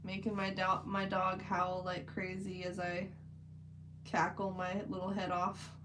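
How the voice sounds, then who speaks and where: A woman's voice: medium pitch, monotone, a little slow, fairly bright tone, slight background noise, rough recording. A woman chatting casually on a livestream while she paints, rambling with lots of "like" fillers. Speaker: livestream host.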